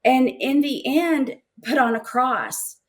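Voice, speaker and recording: A middle-aged woman with a slightly high voice speaks as a guest in an interview, sharing a heartfelt personal testimony. She talks emotionally and haltingly, often repeating words as she searches for what to say next.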